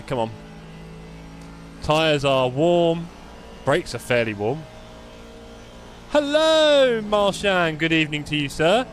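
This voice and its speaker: An English man chatting and joking with his live-stream viewers while he drives a racing sim, on a desktop mic. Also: mid-range voice. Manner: chatty, joking, talks to chat while driving. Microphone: desktop USB mic.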